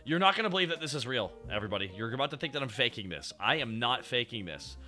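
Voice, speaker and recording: A man from Canada chats as a co-host, excitable and quick to swear and laugh. His voice is very bright and sharp. Faint music runs underneath. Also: medium pitch. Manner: excitable, swearing, laughing, mock-dramatic asides. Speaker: podcast co-host. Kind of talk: casual chat reacting to an anime.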